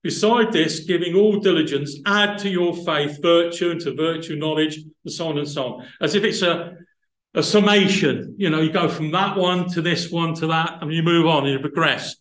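A male preacher with a slightly high voice delivers a sermon in a reverberant church hall. He talks thoughtfully through word roots, then builds to emphatic, rising passages. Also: normal speed, a bit bright.

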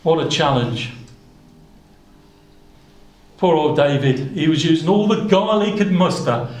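A man's voice: on the high side, animated, measured pace, darkish tone, roomy sound, rough recording. A man preaching a sermon, earnest, quoting scripture in old-fashioned wording and addressing the congregation as brothers and sisters.

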